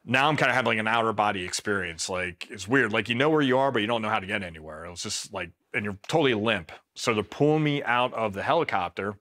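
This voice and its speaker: Laid-back deadpan male war storyteller. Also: lowish voice, fast talker, hardly any pauses. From Pennsylvania, USA. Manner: laid-back, deadpan, quotes himself flatly. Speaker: Marine veteran. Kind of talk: casual storytelling interview.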